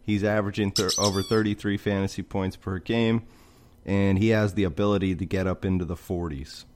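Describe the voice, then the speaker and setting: A man's voice: low-pitched, fairly quick, noisy background. A man co-hosting a casual sports chat, steadily running through his picks and prices. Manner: steady, methodical, lists players and prices. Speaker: co-host picking fantasy lineups.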